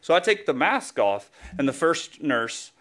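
A man's voice: on the high side, very animated, measured pace, a bit bright. A male pastor giving a conversational sermon, telling a story with self-deprecating humor and a casual delivery full of fillers.

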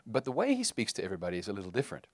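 Low-voiced man preaching casually. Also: huge pitch swings, racing, dry recording, studio quality. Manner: conversational, with frequent fillers and restarts. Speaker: pastor. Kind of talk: sermon.

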